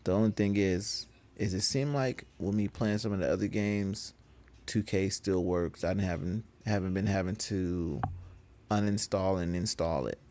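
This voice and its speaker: A man chatting casually with viewers on a gaming live stream, laughing often and getting animated when he rants. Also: low voice, normal speed. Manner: laid-back, laughs often, gets animated when ranting.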